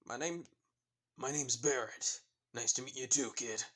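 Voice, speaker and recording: A gruff, burly single father who talks in a plain, easygoing way, as a man reads him aloud. His voice sits at an ordinary male pitch, and the delivery is calm and unhurried.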